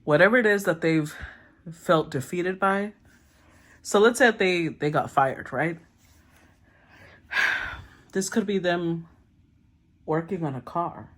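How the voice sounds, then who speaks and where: A woman giving a casual tarot reading, thinking aloud, often clearing her throat and murmuring as she names the cards. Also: on the low side, slow pace, long pauses, fairly bright tone. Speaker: tarot reader.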